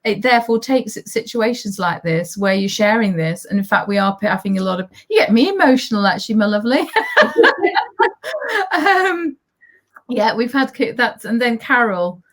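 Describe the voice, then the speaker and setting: A woman hosting a relaxed conversation. She reads out viewers' comments and laughs often. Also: medium pitch, fairly quick, few pauses. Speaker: host. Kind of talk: casual interview chat.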